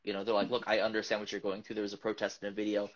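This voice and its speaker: Low-voiced man rambling on a podcast. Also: racing. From United States. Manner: rambling, animated, with frequent restarts and laughs. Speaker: podcast host. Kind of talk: casual conversational podcast chat. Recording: dull lo-fi podcast audio.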